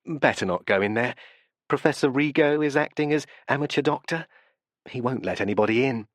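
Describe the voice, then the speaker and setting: A man's voice: mid-range voice, brisk, no echo, studio quality, natural voice. A man voicing an anxious, earnest young man in an audiobook, talking in an urgent way.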